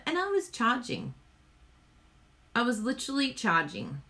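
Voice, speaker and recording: A woman's voice: on the high side, wildly swooping pitch, a little slow, sharp tone. An Australian woman hosting a live card-making demo, chatty and giggly, talking to viewers as she works. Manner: chatty, giggly, reads viewer comments aloud. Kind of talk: live-streamed crafting demo.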